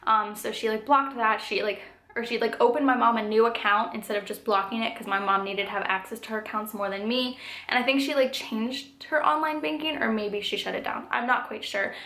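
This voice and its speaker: A woman's voice: on the high side, steady tone, fairly quick, pushed and bright. A woman in her twenties telling a storytime vlog in a chatty way, full of "like" and "um". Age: 20s. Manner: chatty, filler-heavy telling with frequent "like" and "um". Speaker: vlogger. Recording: echoey room.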